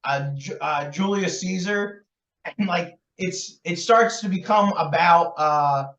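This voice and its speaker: A man's voice: high-pitched, slow pace, fairly bright tone. A man co-hosting a podcast, chatting loosely about a film with lots of fillers and laughs. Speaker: podcast co-host. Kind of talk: casual chat about a film. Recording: roomy, distant, dull lo-fi sound.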